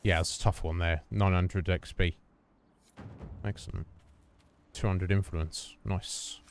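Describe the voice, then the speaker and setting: A man streams a game in a deep, steady voice, speaking slowly, with a little hiss or hum in the audio. His casual commentary mixes thinking aloud during play with greetings to viewers.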